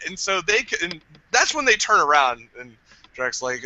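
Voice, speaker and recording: A young man co-hosting a casual podcast, tossing off stories and bouncing into the voices of people he met. His voice is ringing and brilliant, with a pitch that leaps around a lot, sitting a little high for a man. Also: brisk, no room sound, dull audio. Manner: animated storyteller, acts out quotes. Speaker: podcast co-host. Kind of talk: casual chat.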